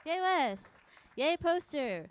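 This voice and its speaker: A woman hosts a live show from the stage in a high, very animated voice. She is playful and theatrical, swooping up and down as she teases the crowd toward the next announcement. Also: takes it slowly. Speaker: host of a live event. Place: stage at a live literary music event.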